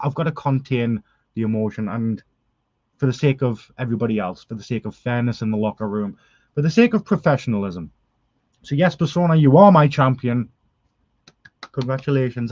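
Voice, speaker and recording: A man's voice: mid-range voice, a little mellow, no room sound, highs cut off. A man cutting a dramatic, emotional wrestling promo as general manager. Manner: dramatic, earnest, emotional outbursts.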